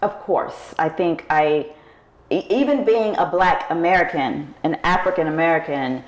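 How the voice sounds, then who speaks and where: A middle-aged woman hosting an interview, thinking aloud in a halting way and restarting her sentences. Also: sits low, echoey room, rough recording. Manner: thoughtful, halting, with many restarts. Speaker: podcast host. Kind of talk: reflective interview conversation.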